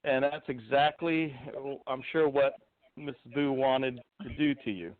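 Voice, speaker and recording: A man in a poetry group talks loosely, restarting phrases and laughing between thoughts, then reads verse aloud. His voice sits at an ordinary pitch. It comes through a thin, phone-like call line. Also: a little slow, no room sound. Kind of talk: casual chat and poetry reading. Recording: tinny phone-like call audio.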